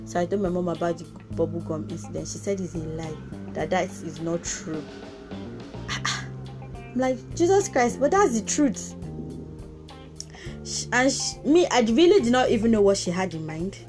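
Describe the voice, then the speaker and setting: Expressive Nigerian woman telling a story. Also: lowish voice, normal speed, over music. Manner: expressive, exclamatory retelling with Nigerian Pidgin touches. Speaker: podcast host. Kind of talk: casual personal storytelling.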